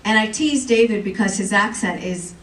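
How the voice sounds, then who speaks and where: A woman's voice: medium pitch, moderate pace. A woman on a comics convention panel, chatty and playful as she teases the crowd. She is caught from the audience, far from the mic, with the hall ringing around her. Faint hall noise sits underneath. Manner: lively, joking, chatty with the audience. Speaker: comics editor presenting on a panel. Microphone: recorded from the audience by a far camera.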